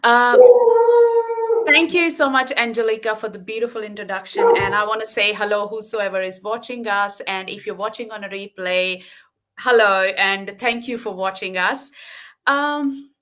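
A woman's voice: mid-range voice, normal speed, sharp tone. Woman in her thirties, candid personal story, video call sound. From lives in Western Australia. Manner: earnest and candid, many fillers. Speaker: guest. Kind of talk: personal story in a live online talk.

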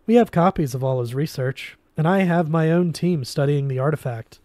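A man voicing a calm, calculating male alien businessman who speaks in a measured way. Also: fairly high pitch, no room sound, close to an everyday voice. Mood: sly. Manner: measured and composed. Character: calm, cunning male alien arms dealer.

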